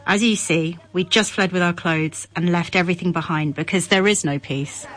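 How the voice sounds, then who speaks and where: An older refugee woman speaks earnestly, almost pleading. Her voice sits somewhat low. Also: moderate pace, heavy background noise. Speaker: refugee interviewee.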